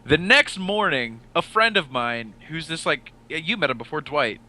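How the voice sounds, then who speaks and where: A man's voice: on the high side, expressive, moderate pace, pushed and bright. A man hosting a casual podcast, telling a long anecdote and acting out the quoted lines. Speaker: podcast host.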